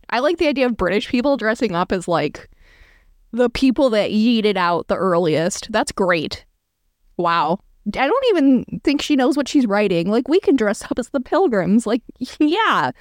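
A woman's voice: on the high side, no room sound, clean studio sound. A woman giving casual, sarcastic reaction commentary, reading a blog aloud and joking about it. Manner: sarcastic, amused, reads aloud and riffs.

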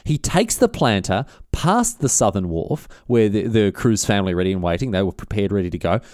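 A man's voice: fairly low pitch, lively intonation, brisk, a little mellow, no echo, clean studio sound. A man who hosts a podcast and retells history in a rambling, matey, filler-heavy way with plenty of slang. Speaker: podcast host. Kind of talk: casual history storytelling.

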